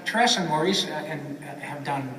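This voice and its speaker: A man's voice: on the high side, lively intonation, normal speed, bright, forceful tone, a little hiss or hum. A man chatting on a convention panel, adding chatty remarks about colleagues. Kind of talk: panel chat. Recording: echoey hall from far off.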